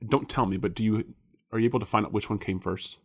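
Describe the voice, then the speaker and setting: A man's voice: lowish voice, fast, husky. A man co-hosting a casual podcast, rambling with many fillers and restarts and laughing often. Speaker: podcast co-host guessing films.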